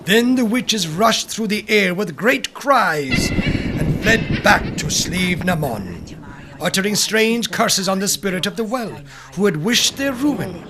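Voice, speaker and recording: A man reading folk tales aloud in a slow, dramatic storytelling manner. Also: high-pitched, lively intonation, noisy background. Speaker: narrator. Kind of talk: scripted folklore narration.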